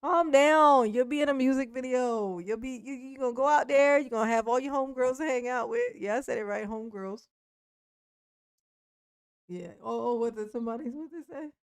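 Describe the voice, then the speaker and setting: A woman's voice: high voice, a little fast, smooth, dry recording, clean studio sound. A woman giving blunt, profane reaction commentary, laughing often. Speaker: commentary host reacting to a clip.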